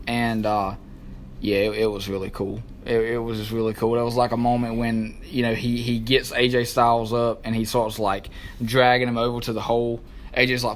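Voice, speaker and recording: A man, co-hosting a wrestling talk show, who recaps matches in an excited, rambling casual way and stops to search for names. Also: mid-range voice, normal speed, slight background noise.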